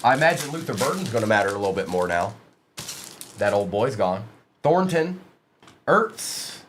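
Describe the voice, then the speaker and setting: A man's voice: on the low side, sing-song, moderate pace, fairly bright tone, a little hiss or hum. A man hosting a live sports card break, reading out player names from the pulls and chatting casually with viewers in the stream chat.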